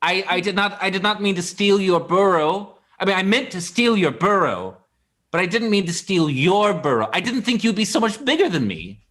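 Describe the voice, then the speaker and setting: A man voicing a small, nervous male thief who stammers and flatters a giant in an improvised comedy scene. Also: sits high, brisk, heavily acted. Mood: fawning. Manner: stammering, fawning.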